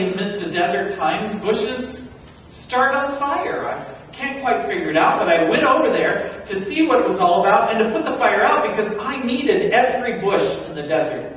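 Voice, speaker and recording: A male pastor preaching a sermon as a first-person Bible story, animated and swinging from hushed to loud. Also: sits high, slight background noise. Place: large church sanctuary. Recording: echoey hall, recorded from far off.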